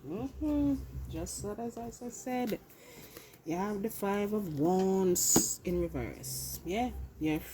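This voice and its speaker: A woman's voice: medium pitch, lively intonation, slow, dark tone, a little hiss or hum. A woman with a British accent giving a casual collective tarot reading, chatty and loose, swearing and talking to herself as she handles her cards. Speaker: tarot reader.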